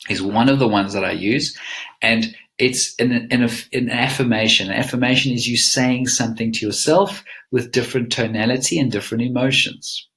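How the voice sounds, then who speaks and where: A man's voice: medium pitch, fairly bright tone. A man presenting a live webinar as a mindset coach, teaching in an earnest, emphatic coaching tone.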